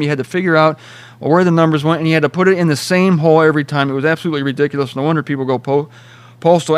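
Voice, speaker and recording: A man hosting a rambling, sarcastic solo commentary from a cheap small studio, mocking and self-deprecating. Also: on the high side. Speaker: host.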